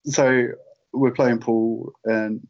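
A man's voice: medium pitch, steady tone, very slow, gravelly, darkish tone. A British man in his late thirties, a guest telling a long casual story with many fillers and chuckles. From United Kingdom. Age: late 30s. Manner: rambling storyteller, lots of fillers and laughs. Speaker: guest, merchandise writer. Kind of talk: casual anecdote in interview. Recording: dull lo-fi call audio.

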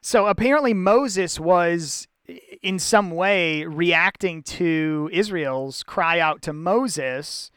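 Man co-hosting a casual bible study, high and clean-voiced, thinks aloud in stops and starts. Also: takes it slowly, a bit bright, clear, resonant tone, no room sound, clean studio sound. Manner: thinking aloud with many restarts. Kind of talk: casual chat.

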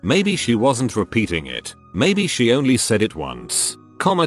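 A man's voice: medium pitch, wildly swooping pitch, unhurried. A man narrating forum stories aloud in a scripted reading. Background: faint music.

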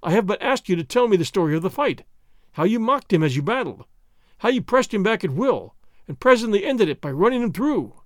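A man's voice: sits high, very animated, fairly quick, dry recording, clean studio sound. A man voicing a mild, foppish young nobleman who needles a sergeant in a mock-innocent way. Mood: needling.

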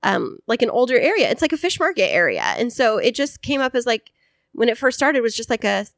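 A woman's voice: fairly high pitch, quick pace, creaky, dry recording. A woman co-hosting a podcast, casually chatting and telling a story with lots of fillers and acted-out voices. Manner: chatty, animated storyteller who acts out voices. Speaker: podcast co-host.

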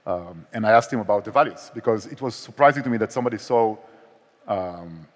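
An Israeli-accented man, a startup co-founder and CEO appearing as a guest, talks candidly from a conference stage in a large hall. His voice is on the low side, animated and a little fast, and long hall reverb fills the recording. He's self-deprecating and restarts a lot.

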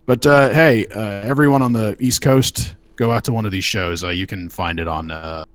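A man's voice: on the low side, normal speed, no echo. A man co-hosting a podcast in casual chat, loose and profane, often restarting his phrases. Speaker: podcast co-host.

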